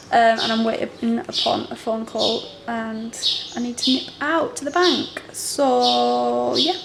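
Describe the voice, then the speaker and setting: A woman's voice: a little high, creaky. A young woman chatting casually in a home vlog, rambling with lots of ums and restarts. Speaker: vlogger. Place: home rooms. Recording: echoey room, faint noise.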